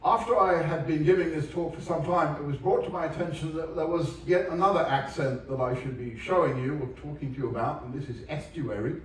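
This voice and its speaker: A man's voice: on the high side, fairly quick, hardly any pauses. A man giving a humorous presentation to an audience, making dry, wry asides. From England. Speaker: onboard lecturer. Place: large ship theatre. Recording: echoey hall from far off.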